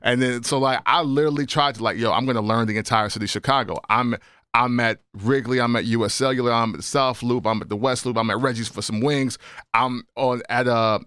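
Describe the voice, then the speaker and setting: A man's voice: medium pitch, steady tone, a little fast, a bit bright, clear, resonant tone, dry recording, studio quality. A man chatting casually, rambling and filling his talk with "like". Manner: rambling, full of "like" fillers. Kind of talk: casual chat.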